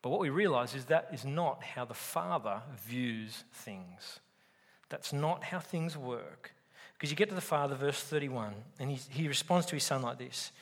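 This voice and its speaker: A man's voice: mid-range voice, lively intonation, normal speed. A man preaching a sermon to a live congregation, speaking emphatically and asking his listeners questions. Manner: emphatic, asks the audience questions. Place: church service with live audience. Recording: reverberant hall.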